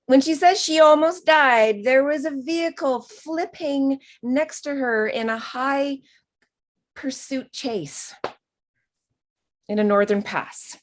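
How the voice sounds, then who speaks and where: A woman teaching a spiritual course in a chatty, expressive way, acting out quoted voices and sometimes dropping to a whisper. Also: high voice, slow pace.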